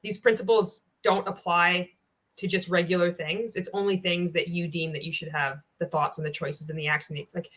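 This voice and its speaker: A woman's voice: fairly low pitch, steady tone, moderate pace, fairly bright tone. A woman giving reaction commentary in a blunt, sarcastic way, swearing often. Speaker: reaction video host.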